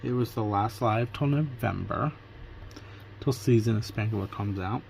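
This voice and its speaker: A man from Pennsylvania, USA, narrates his day in a casual vlog, quoting the back-and-forth of the conversations he had. His voice is low, gravelly, and darkish, delivered at a measured pace over a bit of hiss or hum.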